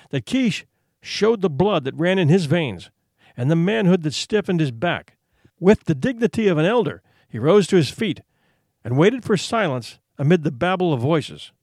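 Expressive male storybook narrator. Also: sits high, unhurried, no room sound, clean studio sound. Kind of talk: audiobook narration.

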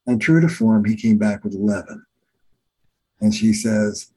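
A man's voice: on the low side, animated, a little slow, warm tone, husky, rough recording. An older man, a family therapist, telling case stories in an earnest, emphatic teaching manner. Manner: earnest, emphatic teacher repeating key phrases. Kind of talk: storytelling in a podcast interview.

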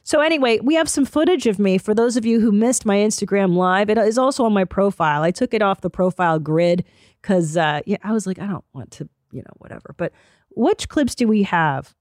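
A woman's voice: mid-range voice, brisk, dry recording, clean studio sound. Profane storytelling woman host. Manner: profane, animated, acts out both sides of conversations. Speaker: podcast host. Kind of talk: casual comedic storytelling.

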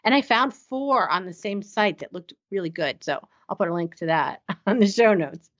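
A woman's voice: medium pitch, lively intonation, normal speed, fairly bright tone. Gushing laughing woman, dull lo-fi sound. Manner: enthusiastic, gushing, laughs often. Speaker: podcast co-host. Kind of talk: casual recap chat.

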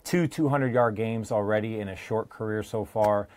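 A man's voice: lowish voice, moderate pace. Easygoing male sports analyst. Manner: easygoing, relaxed banter. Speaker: guest analyst. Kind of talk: casual sports talk.

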